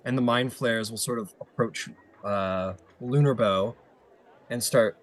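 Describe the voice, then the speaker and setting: A man's voice: mid-range voice, a little slow. A man narrating as game master of a tabletop game, loose and rambling with many fillers.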